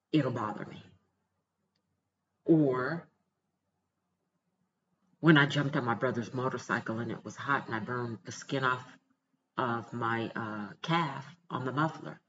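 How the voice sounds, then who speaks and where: An emphatic vlogger of middling pitch lectures viewers and hammers each point home with repetition. The audio sounds dull and lo-fi, with a faint hiss of background noise underneath. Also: a bit bright. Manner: emphatic, repeats points for stress, preachy. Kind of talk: emphatic motivational talk to camera.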